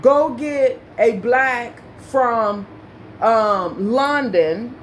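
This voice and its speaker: A woman delivers an opinion rant to camera in a slow, deliberate cadence. Her voice sits a little high, and she hammers her points with repetition and rhetorical questions. A faint background hum runs underneath. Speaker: commentary vlogger.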